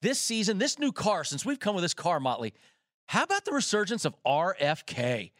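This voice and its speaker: Male co-host, slightly high voice, excitable odds rundown, dry studio sound. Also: moderate pace, no echo. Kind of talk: sports betting talk.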